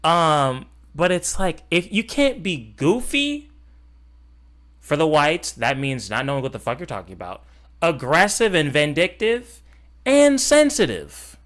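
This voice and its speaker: A man reacting live to a video, cursing and mocking in a heated rant. His pitch leaps widely, from loud outbursts down to muttered asides. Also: sing-song, unhurried.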